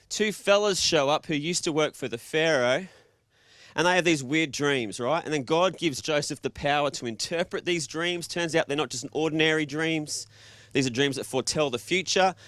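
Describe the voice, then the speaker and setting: A man's voice: on the high side, fairly bright tone, dry recording. Joking Australian man preaching. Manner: joking, casual, quizzes the audience. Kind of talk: interactive sermon to a live congregation.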